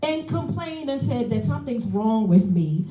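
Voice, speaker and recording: A woman's voice: fairly high pitch, lively intonation, normal speed, reverberant, music in the background, poor audio. A woman making an angry, aggrieved public comment at a council meeting, piling up complaints. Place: council chamber.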